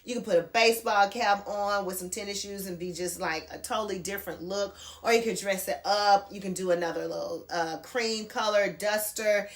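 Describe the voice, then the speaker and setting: Woman, middle-aged, casual try-on haul chat, middle pitch, recorded at home. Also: steady tone, moderate pace, few pauses. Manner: chatty, addresses viewers as girl and y'all. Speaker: fashion vlogger. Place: home bedroom near a closet.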